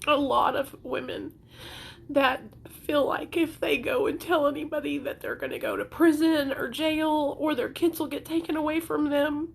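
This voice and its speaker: A woman's voice: high-pitched, fairly even intonation, moderate pace, gravelly, slight background noise. A young woman talking to camera in an emotional personal vlog, earnest and pleading, crying as she speaks. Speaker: content creator sharing recovery story.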